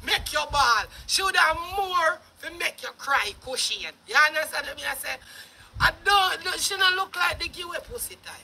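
A speaker with a Jamaican accent giving a loud, mocking commentary rant, laughing and shouting often. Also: high voice, lively intonation, normal speed, vocal fry, slight background noise. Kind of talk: ranting commentary.

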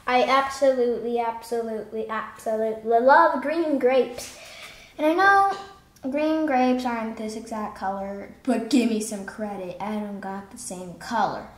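A woman's voice: on the high side, a little slow, reverberant. A woman giving a casual, chatty drawing lesson, rambling into playful asides as she draws. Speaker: drawing teacher.

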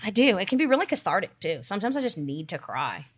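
A woman co-hosting a podcast, telling stories in a chatty, animated way with lots of fillers and quoted asides. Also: medium pitch, fast talker, breathy edge. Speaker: podcast co-host. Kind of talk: casual chat.

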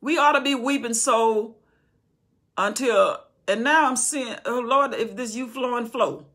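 Fervent woman preacher, forceful, husky. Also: on the high side, a little slow. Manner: fervent, repetitive, conversational preaching. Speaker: Bible teacher. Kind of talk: impassioned Bible study sermon.

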